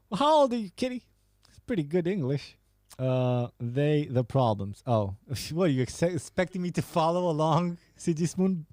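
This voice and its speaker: A man's voice: medium pitch, warm tone, no echo, clean studio sound. A man hosting a podcast, casually reading out and joking about viewer messages, laughing and swearing often. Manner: laughing, profane, banter. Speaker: podcast host.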